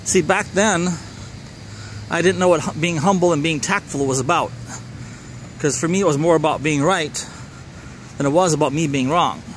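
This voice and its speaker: A man's voice: fairly high pitch, normal speed, pauses often, a little hiss or hum. Minnesotan man telling a rambling story. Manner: rambling, self-correcting, wry. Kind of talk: casual personal storytelling.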